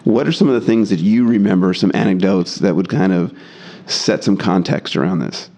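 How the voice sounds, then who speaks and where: Male host, low voice slightly worn, rambling hesitant questions. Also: moderate pace, creaky, a little mellow. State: slightly losing his voice. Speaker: podcast host. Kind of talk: casual interview questions.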